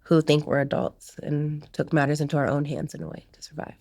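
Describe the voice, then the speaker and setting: A woman's voice: low-pitched, level tone, brisk, a little mellow, no echo, clean studio sound. A woman, a podcast guest, casually telling her life story in a candid interview and acting out what others said.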